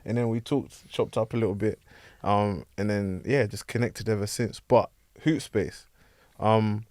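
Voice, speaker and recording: British host, lowish voice, dry close mic, easygoing interviewer. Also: male voice, steady tone, measured pace, a little mellow, no room sound. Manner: encouraging, frequent yeahs, loose rambling questions. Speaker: podcast host. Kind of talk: casual podcast interview. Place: podcast studio.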